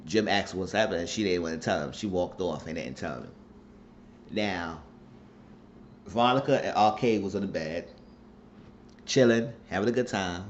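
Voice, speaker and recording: A man giving a casual, animated, slangy recap of a TV episode for his channel. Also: low voice, moderate pace, pauses often, muffled recording, a little hiss or hum. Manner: animated storytelling, slangy, acts out quotes. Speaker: YouTube show recapper.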